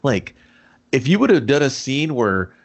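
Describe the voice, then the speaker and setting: A man's voice: medium pitch, sing-song, unhurried. A man co-hosting a casual movie review podcast, swearing and animatedly retelling scenes. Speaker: podcast co-host.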